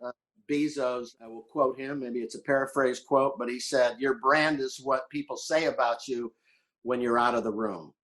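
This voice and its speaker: An older man from Florida, a podcast guest telling animated stories and acting out the people he quotes. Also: medium pitch, moderate pace. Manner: animated storyteller who acts out quotes. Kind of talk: casual storytelling chat.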